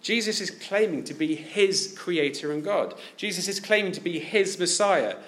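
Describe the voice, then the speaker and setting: A man's voice: sits high, animated, moderate pace, fairly bright tone. A man preaching a sermon, asking his listeners many direct questions.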